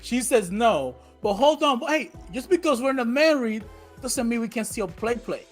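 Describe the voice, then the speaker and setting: A man with a notably high voice co-hosts a casual reaction chat about a TV episode. He recaps scenes with animation, slipping into the characters' lines. Faint music plays underneath. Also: lively intonation, moderate pace. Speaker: podcast co-host.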